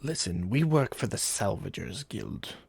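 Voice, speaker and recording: A man voicing a gruff male kenku ship's guard who talks in a dismissive, scolding way, in a tabletop game. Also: on the low side, expressive, measured pace, heavily acted.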